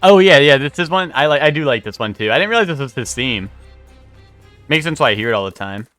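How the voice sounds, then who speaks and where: A man's voice: mid-range voice, big pitch swings, fast, a bit bright, soft background music. A young man streaming live, chatting casually and rambling as he answers his chat.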